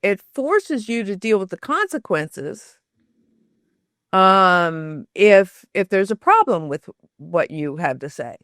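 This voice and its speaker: A woman guest on an interview podcast, answering thoughtfully, pausing on many fillers and restarts. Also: mid-range voice, lively intonation, fairly bright tone, no room sound, studio quality. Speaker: podcast guest, storytelling author. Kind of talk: conversational interview.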